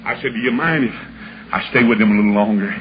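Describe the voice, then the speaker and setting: A man preaching, telling a folksy story and acting out the voices in it, building up to shouts. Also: lowish voice, fast talker. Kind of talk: storytelling sermon. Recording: dull lo-fi recording with clear background hiss.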